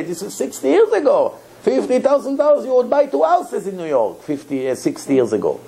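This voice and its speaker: Animated storytelling rabbi, a man. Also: moderate pace, vocal fry, poor audio. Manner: animated, swings between low asides and sudden high exclamations. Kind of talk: storytelling sermon.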